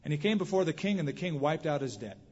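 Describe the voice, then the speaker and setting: Male pastor, fairly high voice with a husky edge, animated storyteller, sermon in a reverberant church hall, dull lo-fi capture. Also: fast talker. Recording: muffled hall recording with long reverb.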